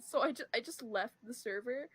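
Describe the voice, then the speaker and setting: A woman's voice: a little high, lively intonation, fairly quick, slightly rough, soft background music. A teenage girl talks loosely on a podcast and giggles often. Her stories ramble from one aside to the next. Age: teens. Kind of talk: casual chat.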